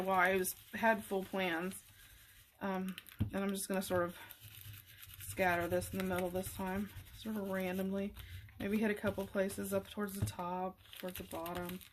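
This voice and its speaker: A middle-aged woman with a mid-range voice hosts a craft tutorial, emotional and near tears. She rambles casually and haltingly with lots of fillers and restarts, and there's a little hiss or hum.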